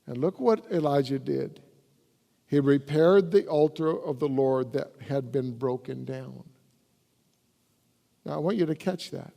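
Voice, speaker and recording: A man's voice: mid-range voice, measured pace, creaky, pauses often, warm tone. A man, the pastor, preaching a sermon and reading scripture aloud with rising emphasis. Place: church sanctuary. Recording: reverberant church hall.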